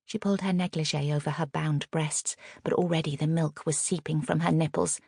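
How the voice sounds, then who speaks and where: A woman narrating a novel as an audiobook reader, in a measured storytelling manner. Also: deep voice, fairly even intonation, creaky, darkish tone, breathy edge, no echo, studio quality. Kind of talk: scripted narration.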